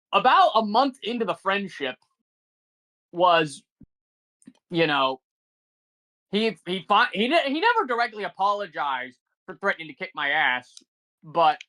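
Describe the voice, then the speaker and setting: A man's voice: high voice, big pitch swings, unhurried, pauses often, pushed and bright. A man in his twenties, a podcast co-host, telling a story in casual chat with a rambling, profane manner.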